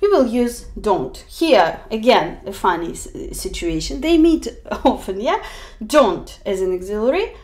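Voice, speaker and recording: A woman's voice: medium pitch, sing-song, a little slow, darkish tone. A woman English teacher explaining grammar in a video lesson, acting out example sentences with emphasis.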